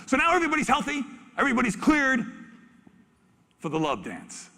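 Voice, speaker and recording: A man giving a lively, storytelling talk from an expo stage as a zoo spokesperson, acting out animals in funny voices. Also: very high-pitched, a little fast, creaky, long pauses. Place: expo main stage in a large hall. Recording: reverberant large hall.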